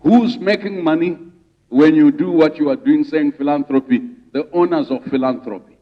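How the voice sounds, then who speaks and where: Speaking high in his range, this rights advocate from Zimbabwe addresses a conference crowd, stirring it with one rhetorical question after another. His delivery is rousing and repetitive in a preacher's style, and the public speech comes through as a distant, dull hall recording.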